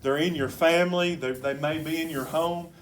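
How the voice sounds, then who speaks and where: A man preaching in a church, telling a story in a colloquial, excitable way with sudden loud bursts. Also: a little high, normal speed, distant mic, slight background noise. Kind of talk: sermon with storytelling. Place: church sanctuary.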